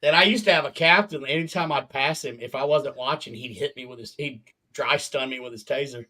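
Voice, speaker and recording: A man's voice: medium pitch, a little fast, sharp tone. A man and former jail officer in a casual chat, mostly agreeing briefly, then telling his own stories.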